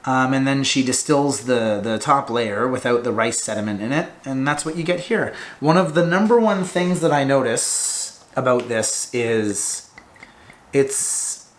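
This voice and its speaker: A man's voice: mid-range voice, lively intonation, measured pace. A man talking casually and informally in a vlog, swearing now and then while he tells a story and reviews a drink. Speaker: vlogger reviewing Korean alcohol.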